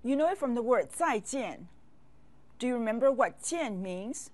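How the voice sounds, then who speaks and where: A woman teaching a language lesson, speaking slowly and patiently and pausing for learners to repeat after her. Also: a little high, animated, a little mellow. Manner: slow, patient drills with pauses for repeating.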